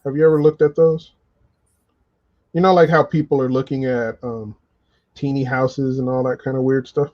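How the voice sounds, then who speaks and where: A laid-back man chatting casually, laughing often and filling pauses with ums. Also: medium pitch, fairly even intonation, lo-fi sound. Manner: laid-back, laughs a lot, many fillers. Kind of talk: casual chat.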